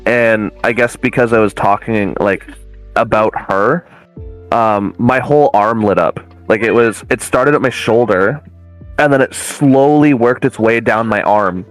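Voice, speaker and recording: A man's voice: fairly low pitch, measured pace, soft background music, poor audio. A man, a guest medium, telling a long story in a casual, rambling way with many fillers and restarts.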